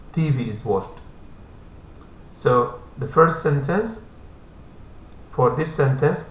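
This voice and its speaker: A man explains English grammar in a patient, repetitive classroom style, with Arabic as his first language. His voice sits at an ordinary middle pitch. He is recorded in an echoey room with a faint hum underneath. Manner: repeats points slowly, patient.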